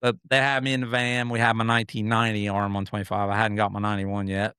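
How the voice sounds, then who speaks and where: Middle-aged guest storyteller, smooth, dry close sound, animated, acts out others. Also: male voice, fairly low pitch, fast talker, dry recording. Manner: animated, acts out quoted people, frequent restarts. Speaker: podcast guest, motocross racer. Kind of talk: casual storytelling.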